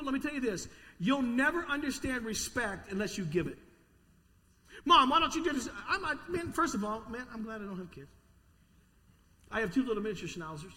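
A man preaching a sermon to his congregation, telling a story in an animated way, sometimes stammering and repeating words. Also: high voice. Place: large church hall with an audience. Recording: long reverb of a church hall.

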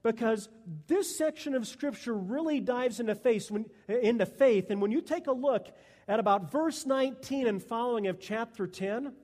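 High-voiced male pastor preaching. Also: moderate pace, darkish tone. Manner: earnest, emphatic preaching. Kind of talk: sermon. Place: church sanctuary during a Sunday service. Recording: long echo of a church hall.

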